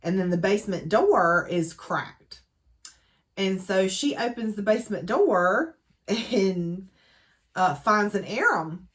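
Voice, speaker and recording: A woman's voice: mid-range voice, expressive, slow. A woman gives a casual, chatty book recap full of dramatic asides. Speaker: book reviewer.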